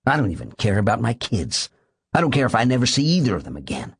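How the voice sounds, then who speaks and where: Guy doing a low husky bitter man stuck in a hospital bed, dry close sound. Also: big pitch swings, quick pace, dry recording, exaggerated voice. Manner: low, grim and seething. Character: bitter bedridden man, furious at his wife.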